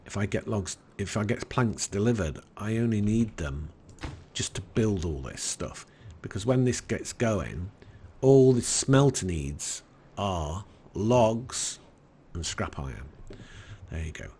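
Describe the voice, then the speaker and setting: An Englishman with an English accent giving relaxed let's-play commentary in a soft, soothing, unhurried way. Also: on the low side, slight background noise. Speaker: game commentator.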